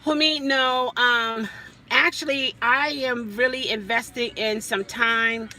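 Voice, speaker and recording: A woman's voice: on the high side, steady tone, takes it slowly, sharp tone. A woman vlogger chatting casually to her live viewers from her car, laughing often. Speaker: vlogger and rideshare driver. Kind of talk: casual live-stream chat. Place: in a parked car.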